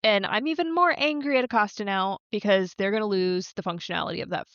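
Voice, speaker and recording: A woman co-hosting a casual recap podcast, chatting loosely and swearing often. She slips into quick acted-out lines for the characters she describes. The recording is dry and a bit dull. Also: mid-range voice, a bit bright, no room sound. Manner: swears freely, acts out characters in quick asides. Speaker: podcast co-host. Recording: dull lo-fi sound.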